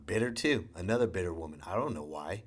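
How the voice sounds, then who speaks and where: A man's voice: sits low, expressive, fast. A man, a father, hosting a podcast and telling a rambling, sarcastic comedic story. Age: young adult to middle-aged, a father. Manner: rambling, sarcastic, acts out quotes. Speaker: podcast host.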